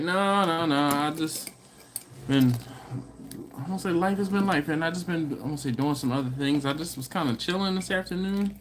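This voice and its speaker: A man's voice: fairly high pitch, normal speed, a little hiss or hum. A man hosting a barbecue live stream, chatting casually and reading viewer comments aloud. He is laid-back and slangy, laughs often, and has a runny nose and a cough.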